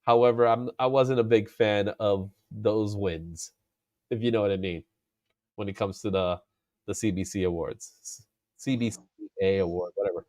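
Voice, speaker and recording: A man hosting a casual comic book chat, animated and laughing often, drawing out his exclamations. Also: lowish voice, normal speed, dry recording, clean studio sound. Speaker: comic book show host.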